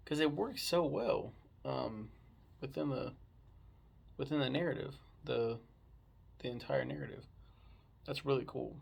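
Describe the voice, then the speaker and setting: A man's voice: medium pitch, unhurried, gravelly, long pauses, husky. A man casually chatting about a book he read, rambling and swearing freely. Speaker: book reviewer. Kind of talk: casual book review chat.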